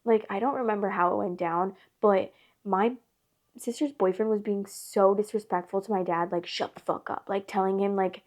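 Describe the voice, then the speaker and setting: A woman's voice: medium pitch, steady tone, moderate pace, a little mellow. A woman hosting a casual storytime, rambling and filling her talk with constant "like". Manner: rambling, filler-heavy with constant "like". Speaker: storytime host.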